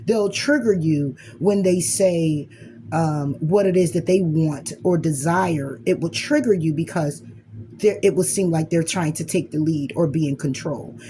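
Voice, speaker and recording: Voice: medium pitch, a little slow, warm tone, a little hiss or hum. A speaker giving a blunt, emphatic motivational monologue as a spiritual reader, swearing freely and acting out inner arguments in quoted voices.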